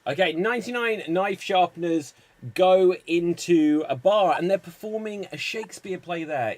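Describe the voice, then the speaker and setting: A man with a slightly raised voice runs an improv comedy show over a video call. He is brisk and upbeat, laying out the rules step by step and calling on players by name. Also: high voice, no room sound. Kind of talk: hosting an online improv show.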